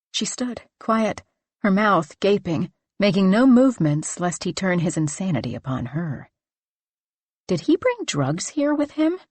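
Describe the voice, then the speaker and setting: A woman narrating a horror novel in a measured, dramatic reading on a close studio mic. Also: fairly low pitch, no echo. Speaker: audiobook narrator.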